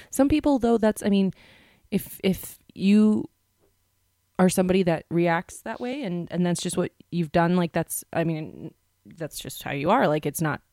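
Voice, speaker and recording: Lady with a lowish voice, chatty and agreeable, dry sound. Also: no room sound. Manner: agreeable, chatty, animated asides. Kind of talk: casual chat.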